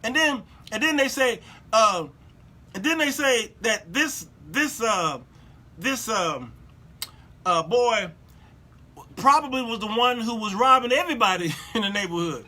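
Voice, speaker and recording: A male show host giving preachy, sarcastic commentary, animated and repetitive. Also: sits high, unhurried, long pauses.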